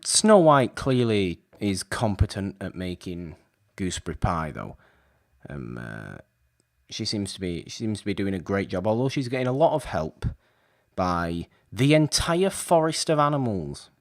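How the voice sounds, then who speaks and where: A man co-hosting a podcast, chatting casually about an old film in an animated, exasperated, rambling way. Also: deep voice, measured pace. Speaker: podcast co-host.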